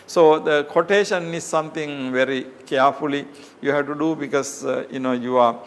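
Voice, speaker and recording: A man's voice: a little high, steady tone, moderate pace, clear, resonant tone. A man giving an academic lecture as a professor, explaining step by step with frequent fillers and rhetorical questions.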